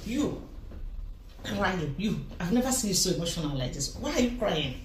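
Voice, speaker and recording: A woman, chatting casually as a friend, questioning and gently teasing. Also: fairly low pitch, very animated, moderate pace, a little hiss or hum. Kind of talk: casual chat. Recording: roomy echo, voice from a distance, faint background.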